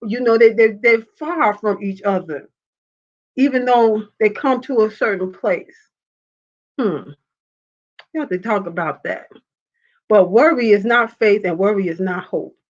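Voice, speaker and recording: A woman hosting a live faith talk show, reading viewer comments and telling a personal story in an animated way. She laughs often and acts out the voices of the people she quotes. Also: mid-range voice, a little slow, pauses often. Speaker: show host. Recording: dull lo-fi sound.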